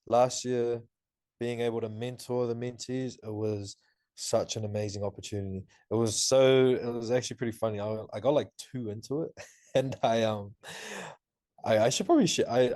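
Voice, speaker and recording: A young man in his twenties from New Zealand, a podcast guest and student telling stories in an animated, laughing way with lots of fillers. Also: mid-range voice, moderate pace, no echo, studio quality. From Auckland, New Zealand. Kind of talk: casual interview talk.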